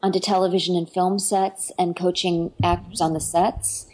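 A woman's voice: on the low side, flat delivery, normal speed, a little mellow, husky, rough recording. A middle-aged woman, an actress and dialect coach, chatting eagerly in an interview with lots of fillers and restarts. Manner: enthusiastic, rambling, many fillers and restarts. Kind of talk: casual interview chat.

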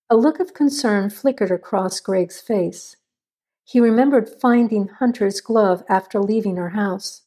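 Mellow woman narrating a thriller. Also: medium pitch, a little slow. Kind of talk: scripted narration.

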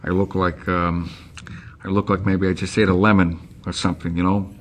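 A man's voice: sits low, little pitch movement, moderate pace, voice pushed down, natural voice. A male voice actor doing an impression of a tough older movie gangster, mumbling and menacing.

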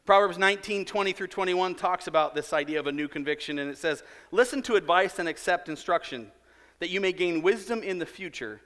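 A man's voice: high voice, brisk, a bit bright, long reverb tail. A man in his thirties, a pastor preaching a sermon and telling a self-mocking story with acted-out quotes. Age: 30s.

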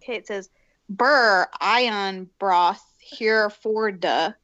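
A woman chatting casually during a party word game, giggling and slowly repeating phrases as she works them out. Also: mid-range voice, fairly bright tone, dry recording, muffled recording. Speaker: game player. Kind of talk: casual chat.

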